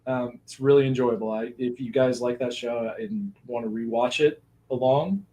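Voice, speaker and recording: A man's voice: mid-range voice, fairly even intonation, moderate pace, mellow, a little hiss or hum. A man hosting a casual movie commentary podcast, laughing often and rambling through asides. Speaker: podcast host.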